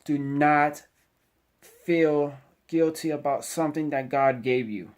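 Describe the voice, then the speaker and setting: A man's voice: a little high, fairly even intonation, slow pace. A middle-aged man, a Navy sailor, giving a casual motivational talk to the camera, preachy and rambling with lots of "you know" asides. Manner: preachy, exhorting the viewer directly.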